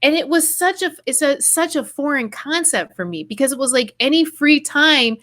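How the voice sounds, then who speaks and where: A woman hosting a podcast, telling a personal story in animated casual chat with quick asides. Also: high voice. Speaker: podcast host.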